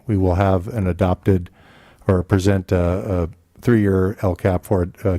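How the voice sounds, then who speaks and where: A man presenting a school district report at a board meeting, halting often with restarts and fillers. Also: lowish voice, dark tone, no echo.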